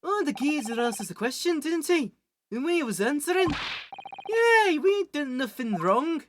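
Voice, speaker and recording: A woman voicing a cheeky grown brother with a Cockney accent and rough, broken grammar. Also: sits high, big pitch swings, a little slow, noisy background, pitched above the performer's own voice. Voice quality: rough-edged, dropped grammar.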